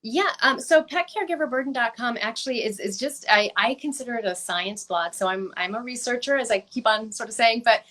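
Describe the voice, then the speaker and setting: A woman researcher answering interview questions in a measured, explanatory way, clearing her throat as her voice gives out. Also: a little high, fairly bright tone. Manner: measured, explanatory, repeats words when restarting. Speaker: researcher guest.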